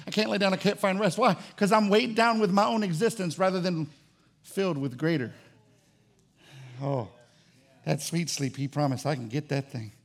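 A man with a high, gravelly voice preaches a sermon with fervor. He swings between loud, ringing calls and quiet, hushed asides. His delivery stays lively and full of conviction. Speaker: pastor.

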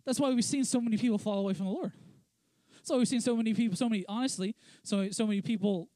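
A young man, a pastor, preaching a conversational sermon with many restarts, dropping into a lower, quieter voice for quoted lines. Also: fast, dry recording. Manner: conversational, lots of restarts and "let's be honest" asides.

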